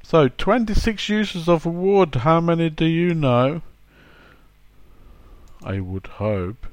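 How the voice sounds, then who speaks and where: A man's voice: fairly high pitch, lively intonation, takes it slowly, a little mellow, dry recording. A man giving a chatty, playful grammar lesson, acting out example sentences. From England. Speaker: English teacher.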